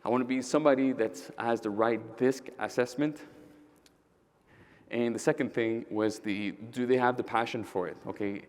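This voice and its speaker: Energetic man giving a keynote. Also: medium pitch, moderate pace. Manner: energetic, directly addresses the audience; storytelling with quoted dialogue. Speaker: keynote speaker, roofing company owner. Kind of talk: conference keynote talk.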